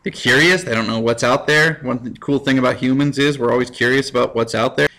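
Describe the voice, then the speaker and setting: A man, a high school history teacher, giving a casual recorded lecture with jokey, self-mocking asides. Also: fairly even intonation, fairly quick, bright, forceful tone.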